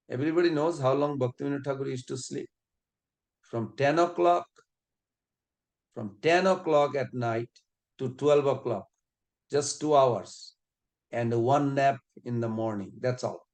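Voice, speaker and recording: A man's voice: medium pitch, unhurried, pauses often. A man giving a devotional class, telling stories and acting out the people in them, with frequent fillers. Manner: animated storyteller, acts out quoted voices, frequent fillers. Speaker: preacher.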